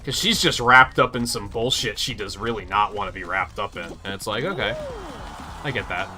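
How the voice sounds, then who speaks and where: Hosting a live game stream with faint music behind him, a man in a lowish voice talks briskly. He rants animatedly and swears a lot amid casual chat as he plays.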